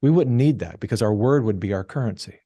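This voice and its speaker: Animated male storyteller, dry close mic. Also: fairly low pitch, quick pace, husky, dry recording. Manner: animated storyteller, acts out quoted voices. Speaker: podcast guest. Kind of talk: casual storytelling interview.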